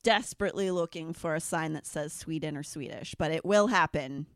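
A woman's voice: sits low, brisk, dry recording, studio quality. A woman co-hosting a podcast in casual chat, enthusiastic and laughing often. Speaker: podcast co-host.

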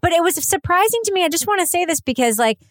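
A woman's voice: extremely high pitch, expressive, fast talker, no echo, clean studio sound. A woman co-hosting a podcast, musing chattily about a true-crime film. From lived in New England since 1993. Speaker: podcast co-host. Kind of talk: casual chat.

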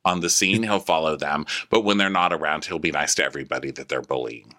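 A man co-hosting a podcast, recapping a reality show in casual chat with animated, sassy asides. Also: a bass voice, fast talker. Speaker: podcast co-host.

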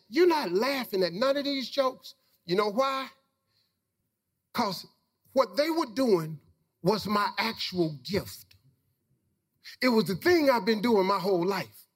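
A man's voice: very high-pitched, fairly bright tone, long reverb tail. A middle-aged man telling a personal story to a live audience, in a folksy, preacher-like manner with loose vernacular grammar. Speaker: motivational speaker.

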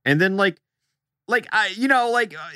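A man's voice: sits high, expressive, moderate pace, bright, forceful tone, clear, resonant tone, no echo, studio quality. A young man co-hosting a podcast, chatting casually and acting out the people in his story. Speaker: podcast co-host.

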